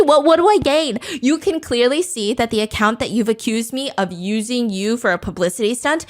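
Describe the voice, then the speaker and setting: A woman's voice: high voice, fairly bright tone. A woman voicing a furious young influencer ranting on a livestream, cursing and sarcastic.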